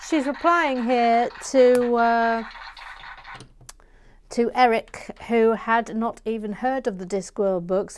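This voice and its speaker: A chatty woman reads viewer comments aloud while building, laughing easily between lines. Her voice sits a little high. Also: slow, a little hiss or hum. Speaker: Lego building vlogger reading chat. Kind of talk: casual chat while building.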